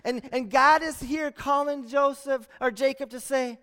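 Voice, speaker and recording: Very high-voiced male pastor preaching. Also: steady tone, measured pace, hardly any pauses, bright, forceful tone. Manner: earnest preaching with rhetorical questions and repeated phrases. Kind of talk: sermon. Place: church sanctuary. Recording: long church hall reverb.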